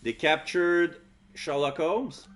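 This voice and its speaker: A man's voice: on the high side, slow, fairly bright tone, slight background noise. A man casually commenting while streaming a game, blunt and swearing at times. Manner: blunt, swears, mutters reactions. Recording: game music behind.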